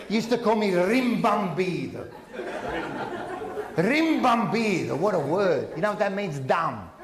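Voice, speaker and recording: A man doing brash stand-up comedy at a live function, teasing the crowd with loud outbursts. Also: sits high. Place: function room with a live audience. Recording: echoey room with audience.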